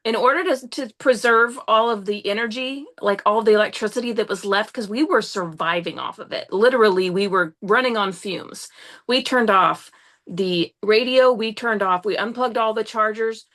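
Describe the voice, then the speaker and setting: A young woman, a podcast guest, tells a story in an animated, casual way, rushing along and swearing now and then. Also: mid-range voice. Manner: excitable, swears often, rushes through the story.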